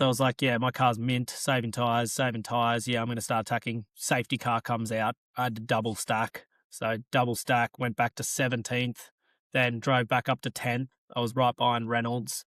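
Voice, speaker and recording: Australian racing driver, podcast co-host, loose rambling storyteller, mid pitch, dry close sound. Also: male voice, flat delivery, a little fast, a bit bright, no room sound. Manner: rambling storytelling with frequent laughs. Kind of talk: casual chat.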